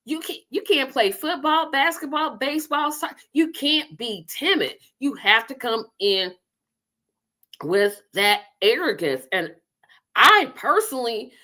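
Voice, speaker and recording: A middle-aged woman hosts a casual solo talk show, speaking with a bright, forceful edge. Her pitch sits a little high. She is opinionated and emphatic, pressing her points and talking directly to the audience. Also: unhurried. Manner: opinionated, emphatic, animated, talks to viewers and reads comments. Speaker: host of a live online talk show.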